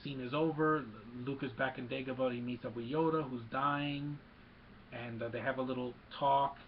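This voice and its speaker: A man giving an excited, rambling casual recap of a movie, with many fillers. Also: medium pitch, normal speed, phone-quality sound, slight background noise. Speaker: movie reviewer.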